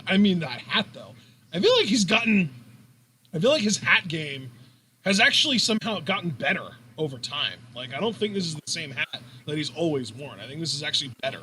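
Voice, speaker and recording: A man's voice: a little high, sing-song, brisk, sharp tone, a little hiss or hum. A man co-hosting a live wrestling reaction stream, joking playfully and swearing freely. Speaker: co-host of a wrestling watch-along. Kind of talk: casual live reaction chat.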